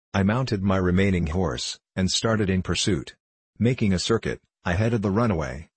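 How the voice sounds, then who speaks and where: A man reading a classic travel memoir aloud as an audiobook narrator, in a measured, even storytelling manner. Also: sits low, husky, dry recording. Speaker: audiobook reader.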